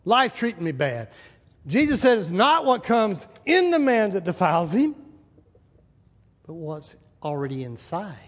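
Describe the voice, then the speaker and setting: Animated high-voiced pastor preaching in a hall. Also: male voice, husky. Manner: animated, asks the crowd, acts out little scenes. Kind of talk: sermon. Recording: hall reverb.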